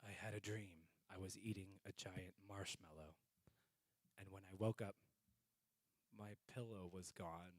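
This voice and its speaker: A man's voice: sits low, steady tone, measured pace, pauses often. A man co-hosting a church live stream, joking and teasing, then reading announcements as a mock newscaster. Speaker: co-host of a church livestream. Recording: long hall reverb.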